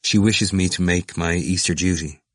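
A man's voice: low voice, steady tone, moderate pace, no echo, studio quality. A man reading a proud, defiant young male student with curt, clipped replies.

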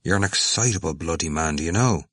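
A man reading a probing, sardonic young male student whose questions rise and fall, with a low, dry voice. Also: fast talker, fairly bright tone, slightly rough, no echo.

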